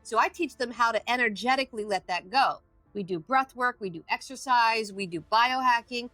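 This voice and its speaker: Bright-voiced woman telling lively stories. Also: fairly high pitch, normal speed, no room sound, faint music behind. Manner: animated storytelling, acts out her own inner voice, swears freely. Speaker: addiction recovery expert and podcast guest. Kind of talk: casual podcast interview.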